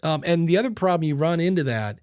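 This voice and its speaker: A man hosting a podcast in casual chat, animated and talking into a mic with headphones, sometimes acting out voices. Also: a little high, fast talker, smooth, no room sound, studio quality. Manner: animated, demonstrates voices with sudden loud bursts. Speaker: podcast host. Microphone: studio mic with headphones.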